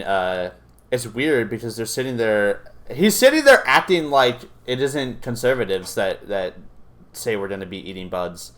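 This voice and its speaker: A young man hosts a reaction video in a loose, profane rant. His voice sits a little low, and he rambles through fillers and restarts as he tells stories between clips. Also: expressive, moderate pace, fairly bright tone. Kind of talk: casual ranting commentary.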